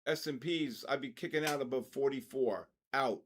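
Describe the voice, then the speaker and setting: An older man hosting a live trading stream, excitedly calling out price moves and giving quick trade advice. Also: mid-range voice, a little hiss or hum. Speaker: trading livestream host. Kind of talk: live market commentary.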